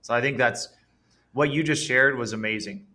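An entrepreneur being interviewed on a podcast, speaking with earnest conviction. His tone is bright and forceful, and his pitch sits in the middle range for a man. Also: normal speed. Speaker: entrepreneur guest. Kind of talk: conversational interview.

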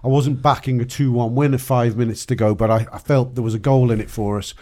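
A man on a football podcast panel, telling stories in animated casual chat and laughing often. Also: mid-range voice, fairly quick.

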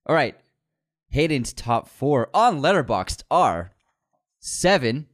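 Lively, laid-back male podcast host. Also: mid-range voice, takes it slowly. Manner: laid-back, joking, swears casually. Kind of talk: casual chat.

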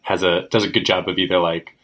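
Low-voiced bright young man chatting. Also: level tone, fast talker. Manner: rambling, crude, sprinkled with fillers. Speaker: podcast co-host. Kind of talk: casual chat.

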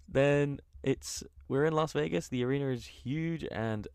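A man's voice: medium pitch, clean tone, no echo, studio quality. A man co-hosting a podcast in casual, joking chat, swearing freely. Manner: loose, joking, swears often. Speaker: podcast co-host.

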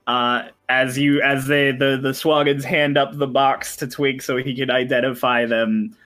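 A man runs a tabletop role-playing game and narrates the scene in a loose, chatty way. He laughs easily and fills his pauses. His pitch sits in the middle, and faint music plays in the background. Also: level tone, sharp tone. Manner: chatty, laughing, with frequent fillers. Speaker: game master.

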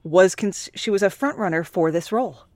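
A woman's voice: lowish voice, normal speed, darkish tone. A woman co-hosting a casual movie recap podcast, with blunt, sarcastic put-downs. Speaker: podcast co-host.

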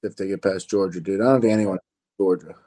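A man's voice: sits low, steady tone, fast talker, dark tone, no echo. A man from the Pittsburgh area, a guest on a sports podcast, laid-back and joking. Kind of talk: casual sports chat.

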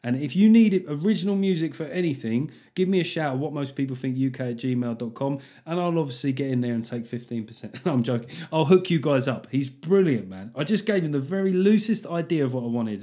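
A man's voice: mid-range voice, expressive, fairly quick, dark tone. A man hosting a casual solo podcast in an ordinary mid-range voice. He reads out listener reviews with jokey, self-mocking asides and plenty of swearing. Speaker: podcast host.

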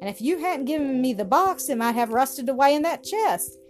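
A woman voicing a poor, gentle elderly spinster who speaks tenderly and with wonder. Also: high voice, lively intonation, normal speed, pitched above the performer's own voice. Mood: overjoyed. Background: music.

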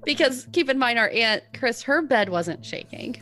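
Lively woman co-host chiming in. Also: fairly high pitch, normal speed, soft background music. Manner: chimes in with short reactions and reminders. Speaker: podcast co-host. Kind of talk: casual chat.

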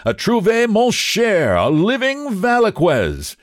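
A man voicing a flamboyant male painter who speaks in loud, exclamatory bursts. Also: mid-range voice, huge pitch swings, unhurried, dry recording, studio quality, pitched above the performer's own voice. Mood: exuberant. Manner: exclamatory, grandly teasing.

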